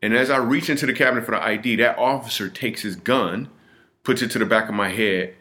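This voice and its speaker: Brief: middle-aged comedian guest, fairly low voice, earnest storyteller who restarts and repeats mid-sentence. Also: male voice, fairly quick, pushed and bright. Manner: earnest and vivid, with frequent restarts and repetitions. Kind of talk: personal storytelling in a podcast interview.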